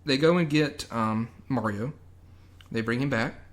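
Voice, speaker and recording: Male podcast co-host, casual, sarcastic recapper, mid-range pitch. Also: a little slow. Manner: rambling, sarcastic, with loud mock quotes. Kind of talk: casual movie review chat.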